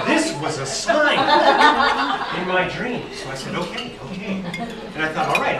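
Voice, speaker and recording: Man, high-pitched, humorous dream story, deadpan asides, distant mic, roomy banquet hall, loud background noise. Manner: playful, tells an absurd dream tale with deadpan asides. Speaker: keynote speaker. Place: banquet hall at an awards dinner.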